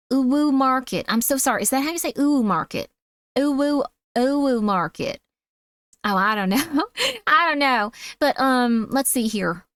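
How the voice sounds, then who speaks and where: Squeaky woman with a put-on Southern drawl. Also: fairly bright tone, dry recording. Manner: sweet, effusive, calls viewers sweetie. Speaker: streamer. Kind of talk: casual livestream chat.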